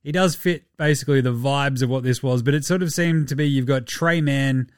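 A man with an Australian accent hosting a casual solo sports podcast, loose, sweary and quick to laugh. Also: medium pitch, clear, resonant tone, no echo. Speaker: podcast host.

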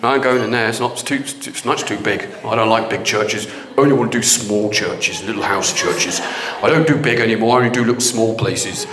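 A preacher mocking a petulant God who sulks at large buildings. The voice drops low and grumbles in a mock-complaining tone. It is played for laughs inside a sermon. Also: male voice, steady tone, a little fast, roomy sound, in a large hall, crowd noise, lightly acted. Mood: grumbling. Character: God mocked as fussy, shunning big churches.

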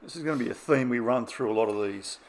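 A man's voice: medium pitch, fast, slight background noise. A man hosting a podcast conversation, chiming in with brief encouraging remarks. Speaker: podcast host.

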